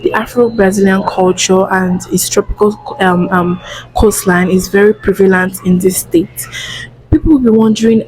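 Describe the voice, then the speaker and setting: A young Nigerian woman vlogger with a Nigerian accent, explaining in a hushed, lowered voice with chatty restarts and asides. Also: moderate pace, a little hiss or hum, low-quality recording. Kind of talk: casual explainer vlog.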